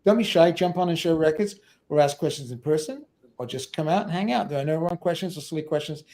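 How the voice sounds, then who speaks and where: A man's voice: fairly high pitch, fast, dark tone. A middle-aged man hosting a casual music livestream, chatty and rambling, with many fillers. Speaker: livestream host.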